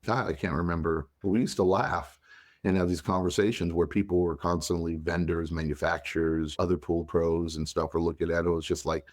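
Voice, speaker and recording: A man co-hosting a podcast, chatting casually and telling long, animated, teasing stories. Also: low-pitched, a little fast. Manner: animated, rambling storyteller, teasing. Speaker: podcast co-host. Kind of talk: casual chat.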